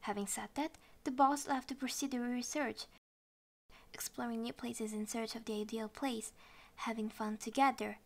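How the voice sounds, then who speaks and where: Student storyteller, woman, slightly high voice, expressive reading. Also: moderate pace, creaky. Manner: expressive storybook reading, non-native English. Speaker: narrator. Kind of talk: reading a children's story aloud.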